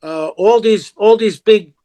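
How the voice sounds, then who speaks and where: An older man tells a story as a podcast guest, with a voice set high for a man. He talks bluntly and often swears. He acts out every line of dialogue in the story. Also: unhurried. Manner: animated, acts out quoted dialogue, blunt and profane. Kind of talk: casual storytelling.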